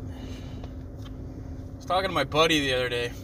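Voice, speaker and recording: A man's voice: on the high side, unhurried. A young man rambling in a sardonic, profane, meandering way while he drives, talking to a camera in his car. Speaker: vlogger. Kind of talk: rambling casual monologue while driving. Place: inside a car on the road. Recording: road and engine noise.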